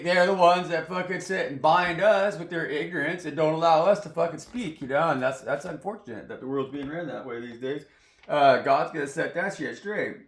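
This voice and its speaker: Man, tarot reader, rambling and preachy, swears a lot, gravelly voice, roomy echo. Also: a little high, a bit bright. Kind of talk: rambling spiritual monologue. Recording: roomy echoey sound.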